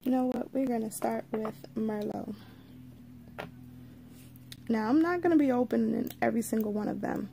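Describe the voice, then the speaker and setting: A woman's voice: on the high side, gravelly, warm tone, slight background noise. A woman hosting a casual live unboxing, chatting to viewers and greeting them by name. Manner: slow, drawn-out delivery with frequent asides. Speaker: livestream host.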